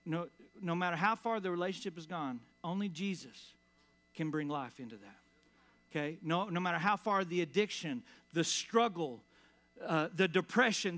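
A man preaching a sermon in church in a casual, conversational way, full of fillers, sometimes dropping to a quiet, low voice for emphasis. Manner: conversational preaching with many "like" and "all right" fillers. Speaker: pastor. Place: church sanctuary.

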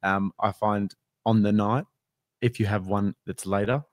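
A man's voice: lowish voice, steady tone, unhurried, slight background noise. A man co-hosting a casual podcast, easygoing and curious, laughing often as he asks questions. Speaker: podcast co-host.

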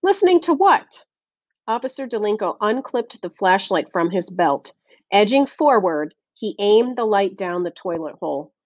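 A woman reading a novel aloud as audiobook narration, steady and clear. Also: medium pitch, moderate pace, no echo, lo-fi sound. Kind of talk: scripted narration.

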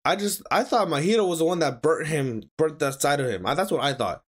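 A young man hosting an anime reaction video, swearing and yelling at the screen as he watches. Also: a little high, brisk. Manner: excitable, yells and swears at the screen. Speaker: anime reaction channel host. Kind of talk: reacting live to an anime episode.

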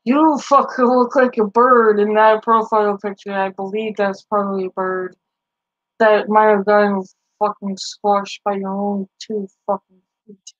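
A woman's voice: mid-range voice, flat delivery, measured pace, lo-fi sound. A woman streamer in casual live-stream chat, profane and teasing, laughing often as she talks back to viewers.

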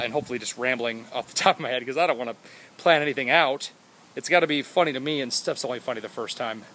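A young man with a mid-range voice vlogs outside by his house in a very noisy recording. He rambles and jokes goofily, hopping between topics and putting on silly voices.

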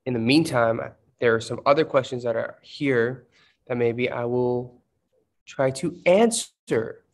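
A man's voice: mid-range voice, a little slow. A man in his thirties chatting casually on a livestream, telling stories and answering fan questions with lots of fillers. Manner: chatty storytelling, many fillers.

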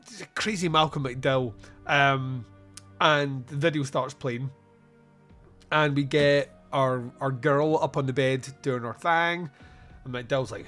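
A man hosting a podcast, retelling a film scene by scene in a casual, animated way with quick put-on voices and frequent laughter. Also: mid-range voice, faint music behind. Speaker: podcast host. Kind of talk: casual film review chat.

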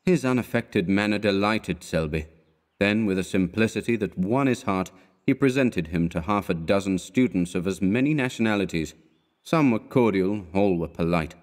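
Reading a classic short story aloud for an audiobook, a man tells it in a measured, deliberate way. His voice is lowish and darkish in tone, and his delivery is animated.

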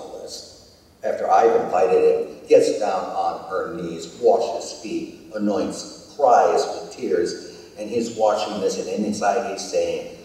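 A man's voice: deep voice, measured pace, mellow. A man preaching a sermon as pastor, telling the story in a conversational way and asking the congregation questions. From United States. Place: church sanctuary. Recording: echoey church hall, distant mic.

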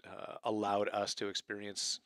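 A man, a priest appearing as a guest, talking in an easygoing, welcoming way that turns quiet and earnest. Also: on the low side, monotone, moderate pace, slight background noise. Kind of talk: casual conversation.

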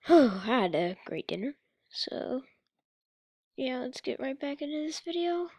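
A woman roasting a video in a sarcastic, teasing reaction commentary. Her voice sits fairly high and swings widely in pitch. The sound is dry and close, with almost no room around it. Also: very animated, measured pace, a little mellow, dry recording. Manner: sarcastic, teasing, breaks into laughter.

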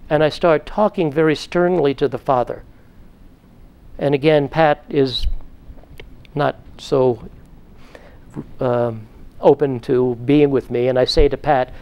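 A middle-aged man gives a psychotherapy lecture, telling patient cases step by step. His voice sits a bit high for a man, and he now and then acts out stern dialogue with a raised voice. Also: fairly even intonation, takes it slowly, pauses often, a little mellow, clean tone. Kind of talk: lecture with case stories.

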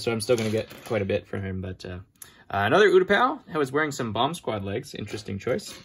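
A man's voice: medium pitch, a bit bright. A man chatting casually to his viewers as he sorts through a big toy haul, joking at his own expense as he goes. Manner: chatty, self-mocking, sorting items while talking. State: standing for a long time, back sore. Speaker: toy collector vlogger. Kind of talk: casual unboxing commentary.

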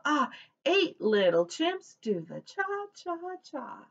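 A woman's voice: fairly high pitch, big pitch swings, unhurried, a bit bright, muffled recording. A woman preschool teacher reading a picture book aloud to young children, with a cheerful sing-song voice that leads call-and-response chants.

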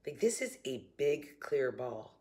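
A woman's voice: rumbling low, very animated, measured pace, warm tone. A middle-aged woman with a Southern accent and a slight morning cough, chatting casually to camera from her kitchen. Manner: chatty, laughing, upbeat. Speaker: vlogger. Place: home kitchen.

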